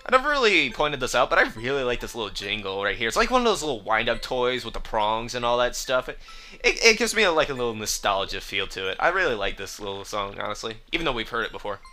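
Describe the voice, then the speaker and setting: A man's voice: mid-range voice, big pitch swings, fast talker, pushed and bright. A young man giving casual game commentary, with sarcastic and exasperated remarks. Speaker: let's play commentator. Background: faint game music.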